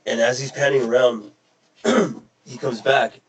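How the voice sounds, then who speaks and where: A man's voice: mid-range voice, fairly even intonation, slow pace. Man rambling through a story in an echoey room. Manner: rambling storyteller, casual swearing. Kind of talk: casual podcast chat. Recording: roomy echo.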